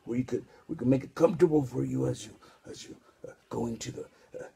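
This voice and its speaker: A man voicing a gentle doctor who speaks quietly and hesitantly. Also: medium pitch, quick pace, vocal fry. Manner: quiet, hesitant, soft-spoken. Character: gentle male doctor giving grave news.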